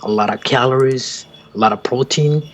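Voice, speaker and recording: Man, mid pitch, earnest explaining, halting restarts, casual call. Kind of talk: casual group-call chat.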